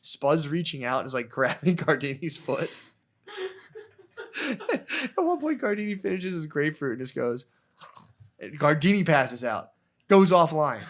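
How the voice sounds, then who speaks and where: A man's voice: fairly high pitch, lively intonation, moderate pace. A man co-hosting a podcast, telling a long, rambling story in casual chat, full of swearing and acted-out quotes. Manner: rambling, profane, acts out quotes. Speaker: podcast co-host.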